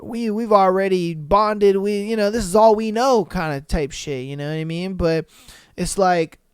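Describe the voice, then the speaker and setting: A man hosting a podcast, reading posts aloud and reacting bluntly in slangy talk with loud exclamations. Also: sits high, moderate pace, smooth, no room sound. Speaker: podcast host.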